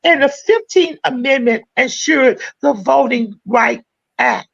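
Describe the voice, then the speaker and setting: A woman's voice: high-pitched, takes it slowly, gravelly, slightly rough, dry recording, highs cut off. A woman hosting a live church-minded panel podcast, closing with emphatic, rallying, preacher-style remarks in a call-and-response cadence. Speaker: podcast host.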